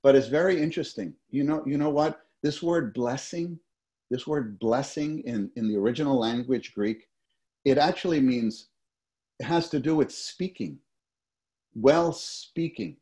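A man's voice: medium pitch, a little slow, warm tone. A man preaching a sermon to a gathered congregation, often restarting and repeating words and leading them in spoken responses. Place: meeting hall with a summer-school gathering.

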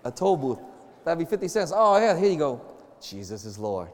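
A man's voice: high voice, animated, a little fast, in a large hall. A campus minister giving a chatty, joking sermon to a group, acting out little conversations as he goes.

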